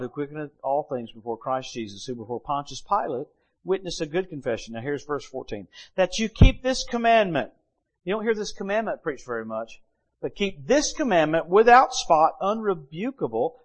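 A middle-aged man preaching a sermon, reading Bible verses and telling stories with lively humor. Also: fairly high pitch.

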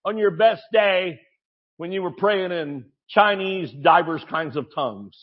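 A man preaching a sermon with exuberant energy, swinging from shouts to quiet asides. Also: high voice, a little slow, dull audio.

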